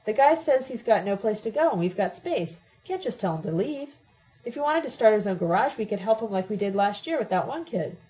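A woman's voice: medium pitch, sing-song, a little fast, mellow, close to an everyday voice, poor audio. A woman reading the part of an easygoing young man who talks mildly and reasonably, in an audiobook. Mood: calm. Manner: mild, reasonable.

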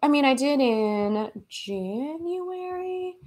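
A young American woman hosts a relaxed livestream from home, chatting with viewers. Her voice sits a little high. She giggles often and reads out comments as they come in. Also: slow pace. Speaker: livestream host. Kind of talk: casual livestream chat reading comments. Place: her home in Los Angeles.

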